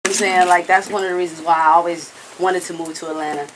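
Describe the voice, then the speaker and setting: A woman's voice: lowish voice, steady tone, quick pace, background noise. A woman in a candid, casual interview who talks earnestly and bluntly, rambling and often checking in with the listener. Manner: earnest, rambling, with frequent "you know what I'm saying"; blunt, occasional swearing. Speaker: singer being interviewed.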